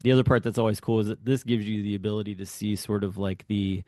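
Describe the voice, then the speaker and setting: A man co-hosting a podcast in a casual, enthusiastic way. His voice sits on the low side. The recording is dry and close to the mic. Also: fairly even intonation, quick pace, dark tone, no echo. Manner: upbeat, enthusiastic, laughs often. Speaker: podcast co-host.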